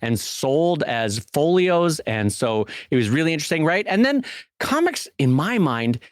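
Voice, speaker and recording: A middle-aged man co-hosting a podcast in casual chat, an animated storyteller who acts out the people he quotes. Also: fairly high pitch, moderate pace, dry recording, clean studio sound. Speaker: podcast co-host.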